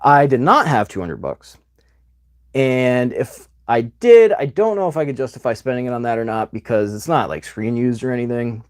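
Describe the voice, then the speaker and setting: A man's voice: mid-range voice, moderate pace. Chatty man rambling through a story. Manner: chatty, rambling, animated retelling with quoted voices. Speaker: livestream host. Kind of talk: casual livestream storytelling.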